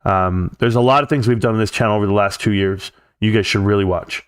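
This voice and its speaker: A livestream host with a California accent talks fast in a smooth, fairly low voice with fairly even intonation. The clean studio sound has no room tone. His rant is heated, profane and rambling, and he mocks people by imitating their voices.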